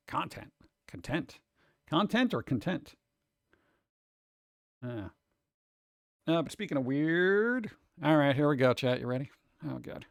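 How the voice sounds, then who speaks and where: A man's voice: fairly high pitch, dry recording. Sarcastic rambling man, dry close sound. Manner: sarcastic, rambling, mocking asides. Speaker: streamer host. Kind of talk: casual chat.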